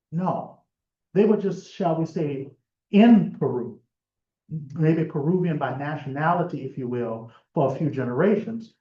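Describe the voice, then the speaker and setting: A man talks through his lecture in a loose, conversational way, often pausing on fillers and restarting his sentences. His voice sits at a middling pitch. The recording is roomy and muffled, as if captured in a lecture room. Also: darkish tone. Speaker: genealogy presenter. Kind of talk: lecture presentation.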